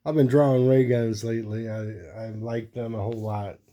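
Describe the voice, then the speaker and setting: A man's voice: medium pitch, fairly even intonation, fairly quick, dark tone, a little hiss or hum. A man hosting his own video, chatting casually and rambling as he shows off a stack of comic books one by one. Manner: rambling, easygoing, thinks aloud while flipping through comics. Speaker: host. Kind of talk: casual comic collection show-and-tell.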